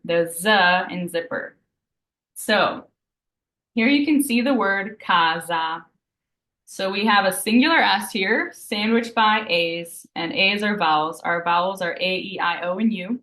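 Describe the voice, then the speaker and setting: A woman teaching a live beginner Italian lesson, patiently explaining each rule and slowly repeating example words. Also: medium pitch, fairly bright tone. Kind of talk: live online language lesson. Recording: roomy echo.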